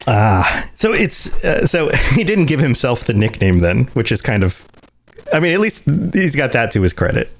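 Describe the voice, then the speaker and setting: A man co-hosting a casual podcast chat, animated and quick to laugh, breaking into silly voices to act out characters. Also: mid-range voice. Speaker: podcast co-host.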